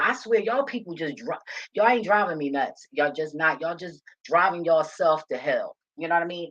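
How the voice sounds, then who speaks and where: A woman's voice: sits low, a little fast. A woman giving a passionate, emotional and rambling casual monologue to her viewers. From Philadelphia. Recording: dull lo-fi recording.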